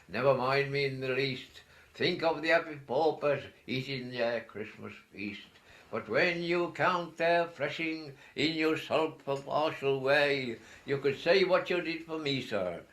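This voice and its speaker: A man's voice: medium pitch, a bit bright. A man reciting verse in the voice of a grieving, bitter old pauper, declaiming the lines.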